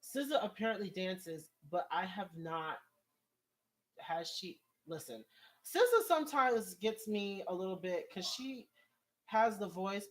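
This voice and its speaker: A man's voice: high voice, a bit bright. Exasperated rambling man vlogger. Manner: exasperated, rambling, laughs often, voice rises when worked up. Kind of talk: casual commentary, reading viewer comments.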